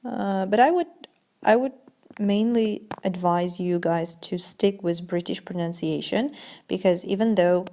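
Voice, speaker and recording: A woman teaching an English vocabulary lesson, saying each word slowly and clearly, then translating it. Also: mid-range voice, dark tone. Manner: slow, deliberate pronunciation drills.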